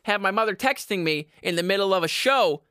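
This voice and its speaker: Male comedy podcast host, loud, profane, sarcastic ranter; bright edgy voice, dead-dry recording. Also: animated, a little fast, clear, resonant tone, dry recording. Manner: loud, high-energy, shouty and profane; sarcastic, self-mocking. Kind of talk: ranting comedy podcast monologue.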